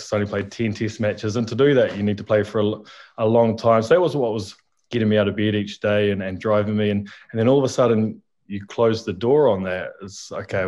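A man's voice: fairly low pitch, darkish tone, lo-fi sound. A New Zealand man in his thirties, a podcast guest talking reflectively, hesitating with ums. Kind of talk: casual interview chat.

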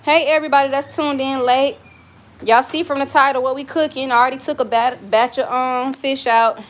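A young woman with a relaxed Southern US accent talks on and on while she cooks at home, frank and full of stories, cursing without a second thought. Her voice sits a little on the high side. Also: fairly quick. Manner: chatty, frank, storytelling, swears freely. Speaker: cooking vlogger. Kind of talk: casual livestream chat while cooking. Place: home kitchen.

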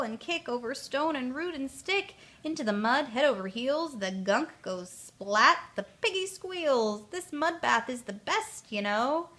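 A woman reading a rhyming children's picture book aloud, lively and voicing the characters. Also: on the high side. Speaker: storyteller.

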